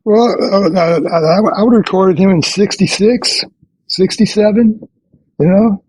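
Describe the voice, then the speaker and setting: An older man, a veteran session bassist, telling rambling anecdotes in a podcast interview and chuckling between stories. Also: a little slow, a little mellow, rough recording. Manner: rambling anecdotes with restarts and quoted dialogue.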